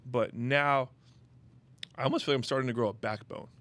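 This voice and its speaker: Speaking a touch quickly in a medium-pitched, slightly bright voice with fairly even intonation, a young man hosts a podcast. His casual chat drifts through personal anecdotes, dotted with "you know what I mean" and casual cursing.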